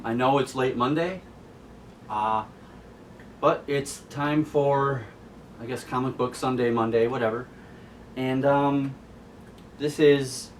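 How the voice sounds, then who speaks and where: Guy chatting thru a comic recap, amused, kinda far from the mic w/ faint noise behind. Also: medium pitch. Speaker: host. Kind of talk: casual comic book recap.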